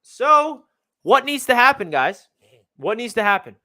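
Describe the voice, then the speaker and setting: A young man excitedly breaking down game film as a fan analyst, talking in a slangy way full of exclamations. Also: very high-pitched, measured pace.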